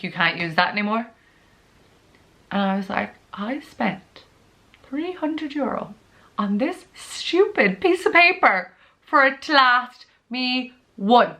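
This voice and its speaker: A woman's voice: mid-range voice, pushed and bright. A young Irish woman telling a casual storytime to camera, chatty and full of fillers, acting out her own panicked quotes. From Ireland. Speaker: vlogger.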